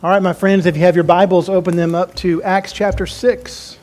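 A man's voice: high voice, little pitch movement, moderate pace, a little mellow. A man preaching a sermon as pastor, folksy and joking as he talks to his congregation.

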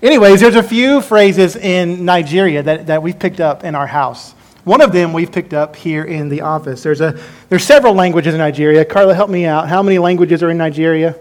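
A man's voice: a little high, brisk. A man preaching a sermon as pastor, folksy and joking as he talks to his congregation.

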